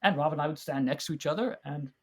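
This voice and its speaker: With a slightly high voice and a quick pace, a man joins a podcast as a guest and reminisces in casual conversation. He tells warm, rambling stories, restarting frequently and using lots of fillers.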